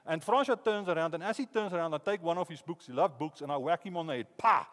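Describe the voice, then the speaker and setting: A man with a South African accent preaching a sermon through animated, lively storytelling. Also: fairly high pitch, fast. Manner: animated storytelling, hypothetical anecdotes. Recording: long reverb in a hall.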